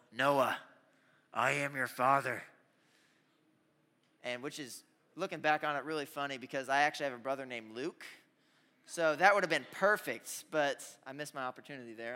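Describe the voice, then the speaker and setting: Energetic young preacher in a reverberant hall. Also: male voice, a little high, smooth. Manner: energetic storytelling with audience call-outs. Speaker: youth pastor. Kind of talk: sermon.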